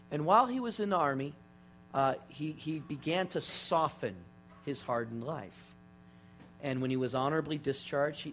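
A pastor telling a story in a sermon, animated and full of restarts. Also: male voice, medium pitch. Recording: steady mains hum underneath.

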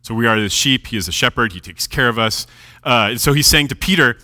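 A man preaching a sermon, reading scripture aloud and explaining it with animated delivery, dropping his voice low at key moments. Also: brisk. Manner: lively, animated preaching with dramatic drops in volume. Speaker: pastor. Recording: long hall reverb.

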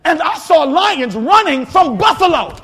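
A man preaching a sermon, energetic and often shouting, with frequent repeats and restarts. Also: very high voice, measured pace. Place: church sanctuary. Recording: long hall reverb, faint congregation.

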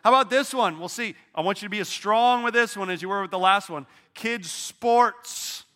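High, bright-voiced pastor preaching. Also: male voice, moderate pace. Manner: conversational and lively, drawing the congregation into call-and-response. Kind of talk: sermon. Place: church sanctuary on stage.

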